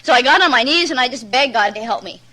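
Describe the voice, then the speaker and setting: Woman, recovery meeting speaker: bright, high-leaning voice, blunt, rambling storyteller. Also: expressive, fast talker, poor audio. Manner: candid, rambling storyteller, many "you know"s; plain-spoken and blunt. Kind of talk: personal testimony at a recovery meeting.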